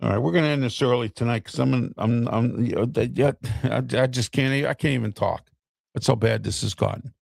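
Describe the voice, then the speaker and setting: A man's voice: medium pitch, brisk, vocal fry, darkish tone, no room sound, clean studio sound. A middle-aged man hosting an opinion show, ranting bluntly and with exasperation straight to his viewers.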